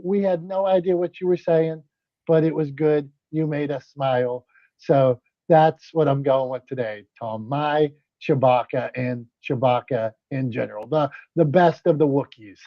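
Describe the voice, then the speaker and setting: A man with a regional American accent hosting a casual podcast chat, playful and excitable, often restarting his sentences. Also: fairly high pitch, a little slow, dry recording. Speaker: host. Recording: slightly dull lo-fi sound.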